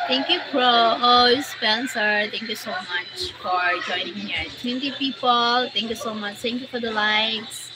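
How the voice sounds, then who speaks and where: A woman from the Philippines with a Filipino accent, hosting a live stream, halting and searching for words as she greets viewers by name. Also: fairly high pitch. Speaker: livestream host. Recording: loud background noise.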